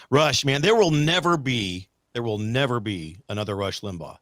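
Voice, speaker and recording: A man's voice: mid-range voice, animated, normal speed, a bit bright, no echo, studio quality. Rambling talk-show host, man. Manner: rambling, with many fillers and restarts. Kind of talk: casual talk-radio monologue.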